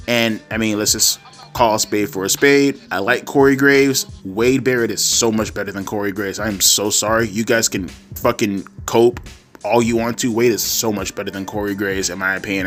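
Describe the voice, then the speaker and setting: A man's voice: lowish voice, a bit bright. A man giving a casual opinion rant, rambling with frequent restarts and self-corrections and casual swearing. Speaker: wrestling commentary YouTuber. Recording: faint instrumental music underneath.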